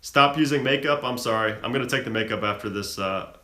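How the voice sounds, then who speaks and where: A young man hosting a live stream, casually reading and answering viewer questions with a relaxed, chatty manner and plenty of fillers. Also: mid-range voice, fairly quick, roomy sound. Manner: relaxed, chatty, frequent fillers and self-laughs.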